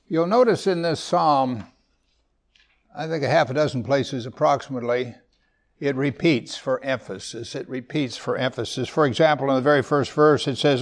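A man preaching a sermon, reading verses slowly and loudly, with quick, quieter asides in between. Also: mid-range voice. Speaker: pastor. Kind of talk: sermon, Bible teaching.

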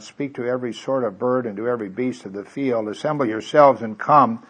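A man preaching a sermon in a folksy, conversational way. He drops to quiet asides and then reads scripture loudly and emphatically. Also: medium pitch. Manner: swings from quiet asides to loud emphatic reading.

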